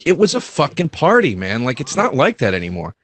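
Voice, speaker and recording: A man's voice: medium pitch, wildly swooping pitch, brisk, a bit bright. A man on a comedy talk show, animatedly reminiscing with laughs. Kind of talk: casual comedy podcast chat.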